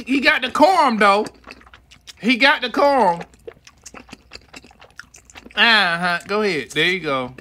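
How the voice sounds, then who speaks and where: A streamer doing casual reaction commentary, swearing freely and shouting questions back at the screen. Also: mid-range voice. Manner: profane, exclaiming, talking back to the screen. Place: home streaming setup. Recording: noisy stream mic.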